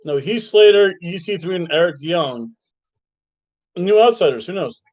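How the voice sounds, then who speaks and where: A man's voice: sits high, expressive, moderate pace, a little mellow, poor audio. A man hosting a wrestling review podcast, chatting casually and thinking aloud, often restarting his sentences. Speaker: podcast host.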